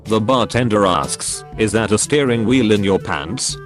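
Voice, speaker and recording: Male narrator, low and lively, deadpan joke reading, faint music underneath. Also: measured pace. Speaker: narrator reading Reddit posts. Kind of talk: scripted narration of jokes.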